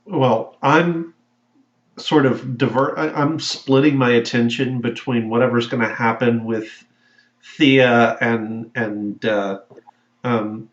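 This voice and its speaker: A man's voice: mid-range voice, fairly even intonation, takes it slowly, reverberant, lo-fi sound. A man playing a tabletop game, thoughtful and wordy in casual talk. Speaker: player. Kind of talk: casual tabletop role-play.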